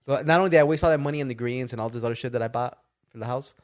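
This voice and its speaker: A man co-hosting a podcast, telling a story in casual, animated chat full of swearing and "dude". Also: mid-range voice, racing. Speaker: podcast co-host.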